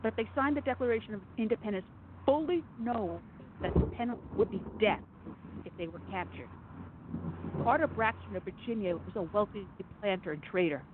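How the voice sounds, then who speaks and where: A woman's voice: mid-range voice, fairly quick. Impassioned woman talk radio host, phone-thin audio. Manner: impassioned, emphatic, sarcastic. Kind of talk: conservative talk radio monologue. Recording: phone-like narrow audio with faint noise.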